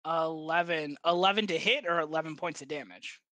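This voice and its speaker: A game master narrating a tabletop game in a relaxed, rambling manner, full of ums and quick restarts. The voice is bright and sits close to the mic, and the recording is dry. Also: mid-range voice, dry recording. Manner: loose, hesitant narration with fillers and laughs.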